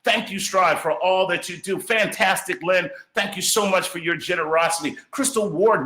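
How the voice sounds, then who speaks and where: A man's voice: high-pitched, bright, forceful tone, echoey room. A man hosting a live charity gala stream, reading out donations and cheering viewers on. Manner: upbeat, reads donor messages, cheers on viewers.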